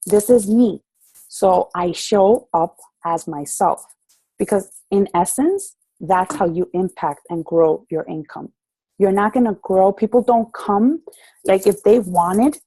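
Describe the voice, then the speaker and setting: A woman's voice: medium pitch, dark tone, husky, no echo, poor audio. Passionate woman leading a group call. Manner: passionate, preacherly, acts out dialogue. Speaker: group leader speaking to her members. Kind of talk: motivational talk on a group call. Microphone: call audio.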